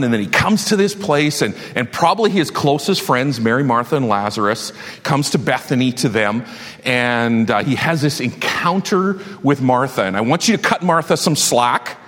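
A man's voice: medium pitch, fairly bright tone, in a large hall. A man preaching a sermon as pastor, passionate and building to emphatic declarations.

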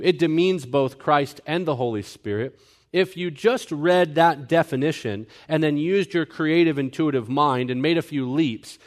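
A young-adult man pastor teaching a sermon earnestly, explaining scripture point by point. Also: a little high. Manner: earnest, mimics people in quoted asides.

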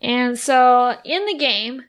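A chatty woman with a somewhat high voice, giggling as she talks. She runs through lists in an easy, casual way, as if reading them off between laughs. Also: animated, slow pace. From United States. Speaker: podcast co-host. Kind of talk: casual chat.

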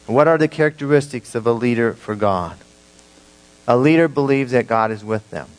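A male pastor preaching an emphatic sermon to his congregation, swinging between loud declarations and hushed, slow emphasis. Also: medium pitch, expressive, low-quality recording.

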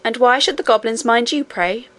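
A woman's voice: on the high side, normal speed, fairly bright tone, close to an everyday voice. A woman voicing a fretful, easily offended nursemaid who sounds indignant and tearful in an audiobook. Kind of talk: audiobook character reading.

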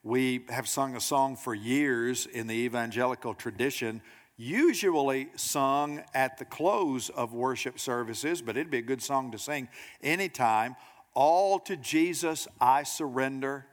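A man preaching a sermon to a congregation, lively and direct, acting out quoted voices and asking the room questions. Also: mid-range voice, unhurried, long reverb tail. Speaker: pastor. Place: church sanctuary.

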